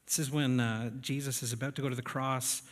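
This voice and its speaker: A man's voice: mid-range voice, flat delivery, brisk. A man preaching a sermon to his congregation in a church, conversational and often checking in with the room. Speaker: pastor. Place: church sanctuary. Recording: reverberant church hall.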